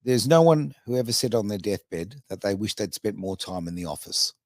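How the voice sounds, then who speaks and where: A man's voice: lowish voice, animated, moderate pace, a little mellow, no echo, studio quality. A man, hosting a casual podcast chat, talking in a chatty, self-mocking way with lots of fillers. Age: 50s. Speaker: radio podcast host.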